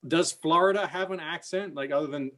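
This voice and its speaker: A man's voice: on the high side, fairly quick, sharp tone. A man in casual chat, curious and asking questions.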